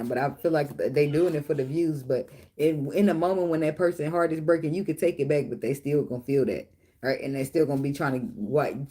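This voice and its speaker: A woman's voice: sits low, a little mellow. A middle-aged woman hosting a casual chat with viewers. She tells blunt, profane stories and laughs often. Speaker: tarot reader and channel host.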